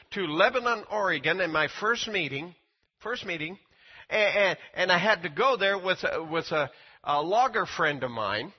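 An older male preacher with a husky, slightly high voice, speaking in a folksy, stumbling sermon style that often jumps up in pitch when he acts out quotes. The recording sounds dull and lo-fi. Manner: folksy, repeats words, rises to high excited quotes. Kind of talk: sermon with personal testimony.

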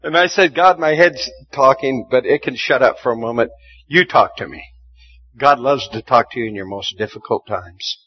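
Husky preacher man telling a story. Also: mid-range voice, moderate pace, lo-fi sound, soft background music. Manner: storytelling, chuckling, repeating words when starting sentences. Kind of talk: sermon.

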